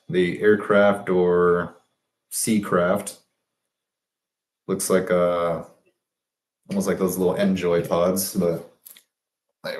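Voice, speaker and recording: A man with a very low voice talks through his drawings in a loose, rambling way, stopping to correct himself and think aloud. The room around him is echoey. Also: darkish tone. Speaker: presenter of business ideas. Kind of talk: casual explanation of sketches.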